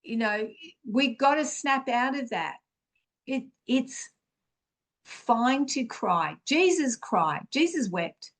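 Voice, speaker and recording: Slow, earnest woman giving spiritual teaching. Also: fairly high pitch, lively intonation. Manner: earnest, encouraging, with many fillers and restarts. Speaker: podcast host.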